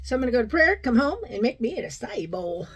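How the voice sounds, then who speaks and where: A woman's voice: fairly high pitch, very animated, quick pace, husky, poor audio. A middle-aged woman vlogging in casual, rambling chat, now and then cooing at her dog in baby talk.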